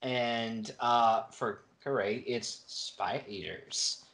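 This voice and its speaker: A man's voice: medium pitch, very slow, fairly bright tone. A man co-hosting a casual book-club podcast, summarizing the plot with playful, wry asides. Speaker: podcast co-host.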